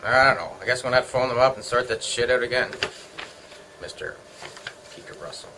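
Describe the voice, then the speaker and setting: A man's voice: mid-range voice, fairly quick, noisy background. A middle-aged Canadian man chatting casually at home, joking and wandering from topic to topic. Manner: joking, meandering, talks to himself. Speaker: vlogger. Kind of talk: casual rambling chat.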